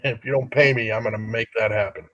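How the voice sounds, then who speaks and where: A man's voice: on the low side, fairly even intonation, fast, fairly bright tone, no room sound, lo-fi sound. A man co-hosting a podcast, laid-back and laughing easily as he swears through casual stories. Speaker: podcast co-host. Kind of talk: casual crude banter.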